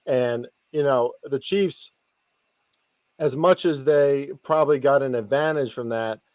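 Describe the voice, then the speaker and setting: On a casual podcast, a guest sports analyst talks in a halting way, restarting often and leaning on ums and other fillers. He has a mid-range, a little mellow voice, recorded dry.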